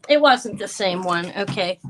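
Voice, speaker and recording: A woman's voice: mid-range voice, lively intonation, normal speed, fairly bright tone, a little hiss or hum, low-quality recording. A tired, stressed woman hosting a live jewelry sale, talking in a flustered, apologetic way with many stumbling restarts. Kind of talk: live-stream sales chat.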